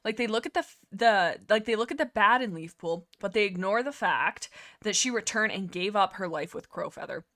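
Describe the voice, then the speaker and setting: A woman hosting a casual fan discussion livestream, rambling excitedly, laughing often and correcting herself mid-sentence. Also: medium pitch, fairly quick. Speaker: livestream host.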